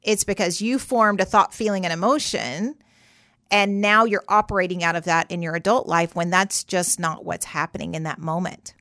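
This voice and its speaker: A woman's voice: lowish voice, steady tone, moderate pace, sharp tone, dry recording, studio quality. A woman therapist hosting a podcast, explaining emotions in a conversational way and acting out what clients say. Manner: conversational, acts out client voices. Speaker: therapist host.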